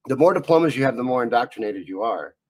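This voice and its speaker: Talk show host guy, agrees a lot, talks fast. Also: mid-range voice, animated, husky, no room sound. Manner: agreeable, affirming. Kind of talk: casual talk show chat.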